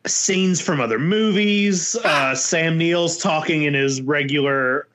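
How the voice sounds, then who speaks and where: A man's voice: a little high, slow pace, fairly bright tone. A man co-hosting a casual podcast chat, teasing his friend in a dry, matter-of-fact way. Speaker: podcast co-host.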